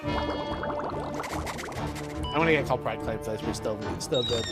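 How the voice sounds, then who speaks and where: A man's voice: mid-range voice, moderate pace, loud music behind the voice. A man chatting casually on a live stream, joking and swearing often, with frequent laughter.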